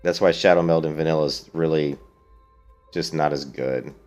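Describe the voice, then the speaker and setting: A man with a very low voice chats through a let's-play stream, answering viewers in a blunt, opinionated way. Faint game music runs underneath his talk. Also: steady tone, normal speed, darkish tone. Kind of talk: casual let's-play commentary.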